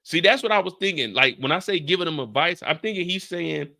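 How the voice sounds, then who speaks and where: A young man from the Bay Area hosting a casual TV recap show, animated and profane, often acting out scenes. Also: on the high side, fast talker, vocal fry, hardly any pauses. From San Francisco Bay Area. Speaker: show host.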